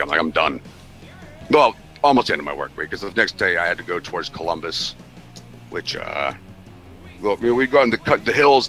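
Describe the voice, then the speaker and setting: A middle-aged man, a truck driver, telling a rambling, profane story in casual chat. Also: fairly low pitch. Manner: profane, animated, rambling delivery.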